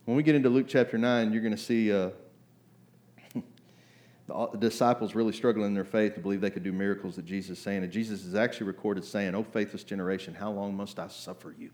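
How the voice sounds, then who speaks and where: A man preaching a sermon in a conversational way, acting out voices and asking "right?" often, climbing to loud emphatic bursts. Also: lowish voice, fairly even intonation, fast talker. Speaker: pastor.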